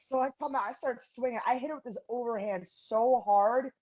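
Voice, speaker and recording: A young woman from Philadelphia, an MMA fighter and guest in an interview, telling stories in a blunt, profane and animated way. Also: fairly high pitch, moderate pace, poor audio. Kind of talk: casual interview storytelling.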